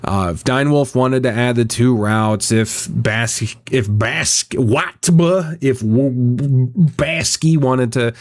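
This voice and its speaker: A man's voice: mid-range voice, slow, few pauses. A man chatting casually on a live stream, rambling, swearing often and reacting to chat as a visual novel voice actor.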